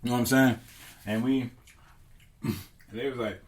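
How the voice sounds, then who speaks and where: A man's voice: mid-range voice, animated, normal speed, long pauses. A man hosting a podcast, rambling through a comic theory, often stopping to correct himself. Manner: meandering, self-correcting, profane. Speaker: podcast host. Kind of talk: rambling comedic podcast chat.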